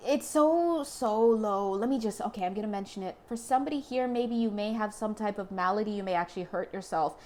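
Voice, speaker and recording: A woman's voice: medium pitch, a little fast, hardly any pauses, a little mellow. A young woman doing a casual tarot reading to camera, chatty and joking, laughing often. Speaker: tarot reader.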